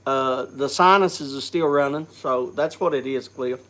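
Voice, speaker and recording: A man's voice: medium pitch, fairly bright tone. A man hosting a casual live chat, congested from a cold, coughing and often restarting his sentences. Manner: halting, restarts with repeated words. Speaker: host.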